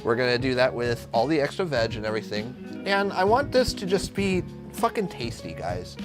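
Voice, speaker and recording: Cooking on a live stream with guitar music playing underneath, this young man from Arizona talks casually, brashly and with plenty of swearing, jumping from subject to subject. His mid-range voice swings widely in pitch at a moderate pace.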